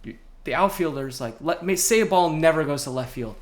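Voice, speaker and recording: A man's voice: on the high side, brisk. Rambling young man, casual podcast chat. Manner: rambling, animated storytelling with frequent fillers. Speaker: podcast co-host.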